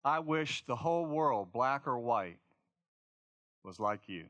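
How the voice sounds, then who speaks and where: A man's voice: mid-range voice, animated, slow pace, a bit bright, dry recording, lo-fi sound. Blunt elderly Southern granny, proud and candid; a male preacher's retelling. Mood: tender. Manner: frank, insistent.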